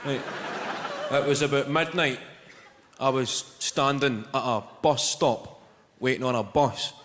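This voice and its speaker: A Scottish man with a Glaswegian accent performing a stand-up comedy routine, telling a story in a deadpan way with crude swearing. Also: mid-range voice, unhurried. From Scotland. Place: large live venue. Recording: echoey hall with loud ambience. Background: audience laughter.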